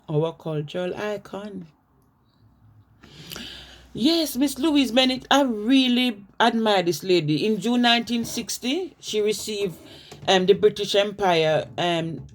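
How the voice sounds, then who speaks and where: Jamaican woman telling cultural history. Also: fairly low pitch. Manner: warm storytelling with restarts and slips into patois. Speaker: cultural educator. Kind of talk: informal talk on culture.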